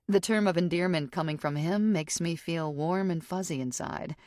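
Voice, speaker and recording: A woman narrating a thriller audiobook in the first person, in a steady, intimate way. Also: sits low, normal speed, no echo, studio quality.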